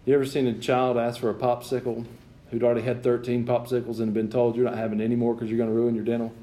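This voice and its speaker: A man's voice: mid-range voice, level tone, fast talker, mellow. A man preaching a sermon in church, swinging between emphatic points and chatty asides to the congregation. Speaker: pastor.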